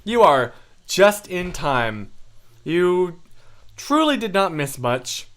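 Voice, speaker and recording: Slow-talking young man chatting on a livestream. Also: sits high, big pitch swings, a bit bright. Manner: rambling, self-deprecating, chatty. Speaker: livestream host. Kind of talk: casual livestream chat with viewers.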